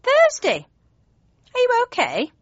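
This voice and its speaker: A woman voicing a kindly, fussy older mother with a high, fluttery manner in an audiobook. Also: wildly swooping pitch, slow pace, dry recording, full character voice. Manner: high, fluttery, cheerful fussing. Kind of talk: audiobook character voice. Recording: dry, slightly dull studio read.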